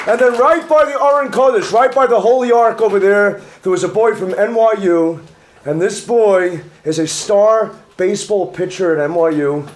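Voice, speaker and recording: High-voiced, emphatic rabbi speaking. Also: male voice, normal speed. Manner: emphatic, building excitement. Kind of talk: animated speech to an audience.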